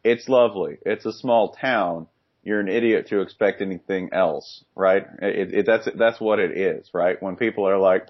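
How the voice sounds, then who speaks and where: A man with a fairly low voice riffs through casual sports banter, joking fast and sometimes breaking into loud bursts. The recording is dull and lo-fi, like a home podcast setup. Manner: quick jokey riffing, sudden loud outbursts. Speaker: podcast co-host. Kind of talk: casual comedic sports chat.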